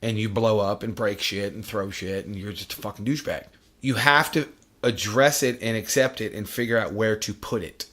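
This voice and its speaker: A man's voice: fairly low pitch, normal speed, fairly bright tone. A middle-aged man hosting a podcast, talking bluntly and profanely in casual chat. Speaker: podcast host.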